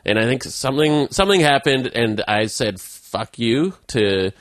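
A man tells a self-deprecating story on a podcast, rambling through fillers and chuckles. His pitch swings a lot. The sound is dry and close. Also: lively intonation, moderate pace, fairly bright tone, no echo. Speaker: podcast co-host. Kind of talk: casual storytelling.

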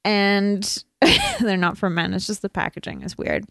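A woman's voice: medium pitch, wildly swooping pitch, unhurried, fairly bright tone, no room sound, studio quality. A woman hosting a casual comedy podcast, telling stories in a playful, giggly way.

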